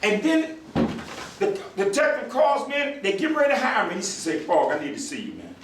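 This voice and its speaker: Older male speaker, lively storyteller who acts out voices, recorded from afar in a roomy hall. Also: high voice, fairly quick, far from the mic, background noise. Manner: animated storyteller, acts out voices, laughs with the crowd. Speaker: retired U.S. marshal, speaker. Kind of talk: storytelling speech to an audience.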